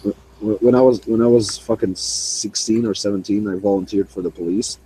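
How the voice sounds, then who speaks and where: A man's voice: on the low side, fairly even intonation, moderate pace, mellow, a little hiss or hum, low-quality recording. A young man swearing freely as he tells a rambling story in a casual online voice chat. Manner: profane, rambling, laughing.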